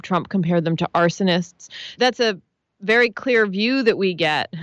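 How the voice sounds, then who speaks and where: Smooth-voiced woman making an argued case. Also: mid-range voice, dry recording. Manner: analytical, earnest, building lists of points. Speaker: interview guest. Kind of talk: radio-style interview answer.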